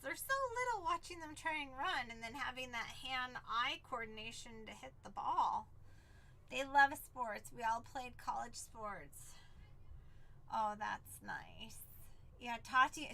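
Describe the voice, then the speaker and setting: A woman's voice: on the high side, bright, forceful tone. A woman, hosting a live card-break stream in bubbly, chatty talk and telling stories with acted-out quotes. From San Diego, Southern California. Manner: bubbly, chatty storyteller who acts out quotes. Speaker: livestream card break host. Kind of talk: casual live-stream chat.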